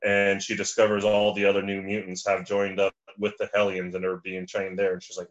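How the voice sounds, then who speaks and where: A man's voice: low voice, monotone, a little fast, hardly any pauses. A man chatting casually as a podcast guest, rambling with lots of restarts and fillers. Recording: slightly dull lo-fi audio.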